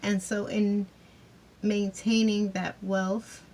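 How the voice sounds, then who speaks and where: A woman's voice: mid-range voice, little pitch movement, slow, a little mellow. A woman chatting casually as she reviews a TV series, loose and talkative, with frequent fillers and asides.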